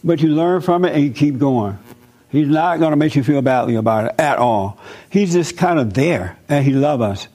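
Brief: male preacher, conversational and folksy, slightly high-pitched voice. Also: animated, moderate pace, dark tone. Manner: conversational, folksy, with personal stories. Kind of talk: informal sermon.

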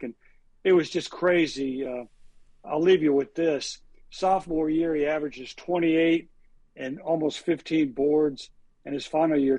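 A man's voice: a little high, a little mellow, no room sound. A man co-hosting a casual sports talk show, telling rambling anecdotes packed with statistics and fillers. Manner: rambling, stat-heavy storytelling with frequent fillers. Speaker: sports reporter and co-host.

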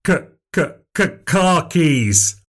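A man voicing a very tall, pale male stranger who speaks slowly with a halting stutter. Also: a little high, sing-song, fairly bright tone, voice pushed up, full character voice. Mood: insistent. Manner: slow halting stutter on hard sounds.

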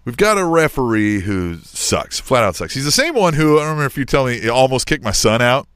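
Animated storytelling man, dry close sound. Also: mid-range voice, fairly quick, clean tone, no echo. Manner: animated storytelling, keeps asking "right?". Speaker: podcast co-host. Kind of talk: casual chat.

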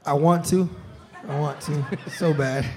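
A man's voice: a little high, steady tone, unhurried, dark tone, some chatter behind. A man chatting casually on a live podcast taped in a restaurant, laughing often and filling with "you know what I'm saying". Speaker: pro football player, show guest host. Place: restaurant during a live show.

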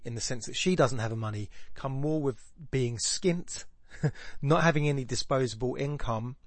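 A man's voice: medium pitch, dry recording. Man musing over a dry close mic. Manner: thoughtful, rambling, with many restarts. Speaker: podcast host. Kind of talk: casual reflective monologue.

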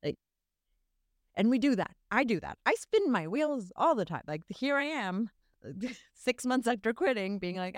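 A woman's voice: on the high side, animated, a little slow, no room sound, studio quality. A woman hosting a podcast in casual conversation, talking openly and reflectively about herself. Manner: candid, self-reflective. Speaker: podcast host.

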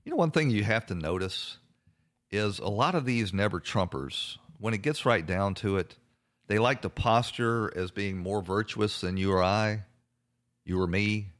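Male talk host, very low voice, indignant, halting with fillers. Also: a bit bright. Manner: indignant, hesitant with many fillers. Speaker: political talk show host. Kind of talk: conservative radio talk commentary.

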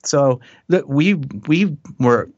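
A middle-aged man, a musician guest, telling stories in a relaxed, chuckling way with many restarts. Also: mid-range voice, drawn-out words, no echo. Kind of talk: casual interview chat. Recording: dull dry podcast audio.

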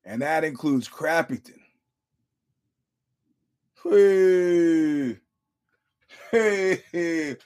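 A man with a slightly high voice hosts a casual podcast about fights. He spins loose stories and acts out what others said, with plenty of cursing. He often repeats himself as he goes. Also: expressive, unhurried. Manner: storytelling, profane, acts out quotes; repeats words and restarts, chuckles often. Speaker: podcast host.

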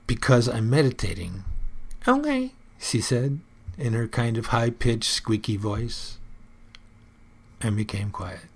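A man's voice: lowish voice, a little slow, creaky, darkish tone, breathy edge. A man hosting his own personal report, musing aloud in an earnest, casual monologue.

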